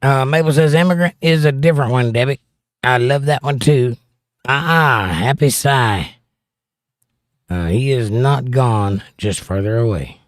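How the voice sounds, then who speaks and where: A man's voice: medium pitch, measured pace, no echo, clean studio sound. Wry middle-aged man reading chat. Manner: wry, joking asides between read-outs. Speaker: livestream host. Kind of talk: casual chat, reading viewer comments aloud.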